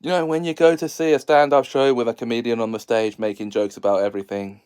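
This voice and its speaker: A man's voice: mid-range voice, fairly even intonation, fast, a little mellow, clear, resonant tone. A man hosting a casual solo video, jokey and sarcastic, laughing often between lines. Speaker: video host.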